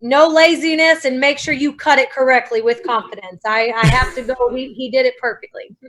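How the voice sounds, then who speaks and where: A woman guest speaking in a brisk, confident way. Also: sits high, steady tone, a bit bright.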